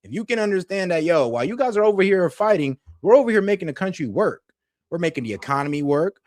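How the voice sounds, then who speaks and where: A man gives casual, slangy reaction commentary in a somewhat high voice, reasoning through his point in conversation. His voice sounds dry and close to the mic. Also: no room sound. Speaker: reaction video host.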